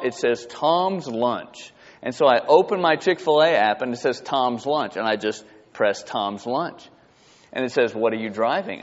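A man from South Georgia, a pastor preaching a sermon with animated storytelling and lively shifts in pitch. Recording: reverberant hall, dull lo-fi sound.

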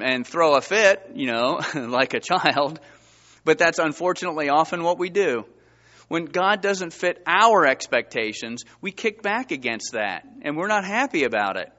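A pastor delivering a sermon in a lively, emphatic way, often jumping up in pitch as he reads scripture aloud. His voice is bright and slightly higher than usual. The recording is a little dull and lo-fi. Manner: animated preaching, rising emphatic pitch and reading scripture aloud.

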